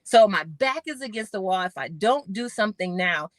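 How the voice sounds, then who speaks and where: A middle-aged woman, a podcast guest and former Olympic sprinter, telling her story with animated retellings of conversations. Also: medium pitch, moderate pace, dry recording. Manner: animated storyteller acting out quoted voices.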